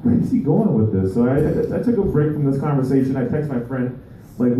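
Male stand-up comic, unhurried rambling delivery, far from the mic in an echoey venue. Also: mid-range voice, animated, highs cut off, a little hiss or hum. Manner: rambling, halting delivery with many restarts. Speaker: stand-up comedian. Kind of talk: stand-up comedy set. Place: live comedy venue with audience.

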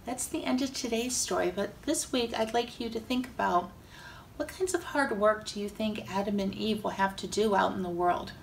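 A woman Sunday school teacher gently narrating a Bible story for children. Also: mid-range voice, moderate pace, gravelly, distant mic, a little hiss or hum, rough recording.

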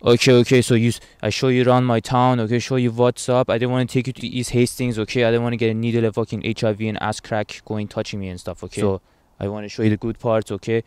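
A man's voice: medium pitch, little pitch movement, fast, a little mellow, clean tone, dry recording, soft background music. A man giving a crude, profane comedic tour of his city from a moving car, tagging nearly every line with a questioning "okay?". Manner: brash and profane, tags lines with "okay?". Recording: road and traffic noise. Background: car and street noise.

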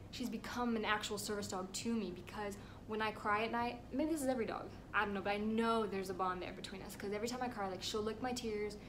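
A woman's voice: medium pitch, noisy background. A young woman telling a rambling, emotional storytime vlog at home, at times close to tears. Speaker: vlogger.

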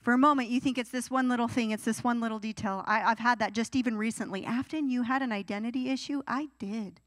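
Talking fast in a rather high voice, a young woman who works as a youth pastor preaches a youth sermon. She animatedly imitates whiny teenage pleas, captured on a dry recording.

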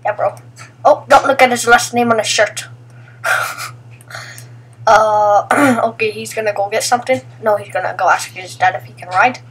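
A young woman talks over her own footage in a loose, rambling voice-over. Her voice sits a little on the high side. She chats casually and acts out what her friends say. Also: normal speed, pauses often, fairly bright tone, slightly rough, far from the mic. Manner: rambling and chatty, narrating what friends do and acting out their lines. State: sleepy, just woke up. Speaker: vlogger. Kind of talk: casual voice-over commentary on video clips.

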